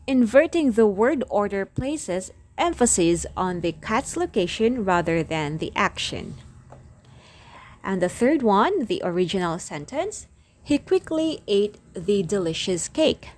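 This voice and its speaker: A woman teacher reading lecture notes aloud, going through example sentences slowly and deliberately. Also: medium pitch, a little hiss or hum.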